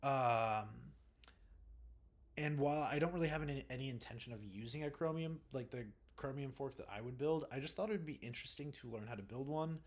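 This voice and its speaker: A man's voice: mid-range voice, fairly quick. A young man casually chatting while livestreaming, rambling with lots of fillers and restarts as he answers his viewers. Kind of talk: casual chat reading live comments.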